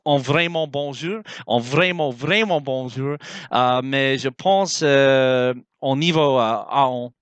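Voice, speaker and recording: A young man talking casually to the camera in a vlog, halting, with many fillers as he searches for words. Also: mid-range voice, a bit bright, clean tone, dry recording, low-quality recording. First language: English. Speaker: language learner.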